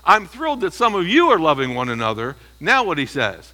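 Pushed, bright, and very animated, a pastor with a fairly high voice moves fairly quickly through a verse-by-verse expository sermon. He talks conversationally, often checking with his congregation with "okay?" and "you see." The recording is rough.

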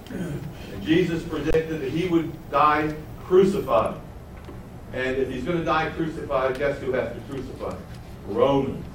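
A man preaching a sermon, teaching verse by verse and throwing rhetorical questions to his listeners. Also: on the high side. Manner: animated, rhetorical questions to the audience. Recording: echoey room heard from a distance, faint noise.

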